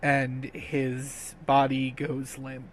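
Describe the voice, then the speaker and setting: A man narrating as game master in a tabletop game, measured and sometimes hesitant. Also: medium pitch, monotone, slight background noise. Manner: slow, measured narration with fillers.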